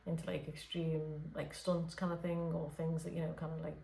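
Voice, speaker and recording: A woman's voice: low voice, level tone, moderate pace, gravelly, roomy sound, a little hiss or hum. A woman speaking as a spirit medium in an unscripted late-night session, hesitant, with many fillers and restarts. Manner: talks softly at late night hours. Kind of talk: unscripted channelling session talk.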